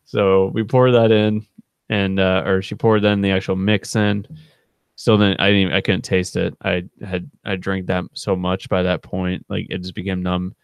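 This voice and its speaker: A man with a very low, gravelly voice tells a long, rambling story, casual and laid-back. The sound is close and dry, with no room echo. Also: little pitch movement, moderate pace. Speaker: channel co-host.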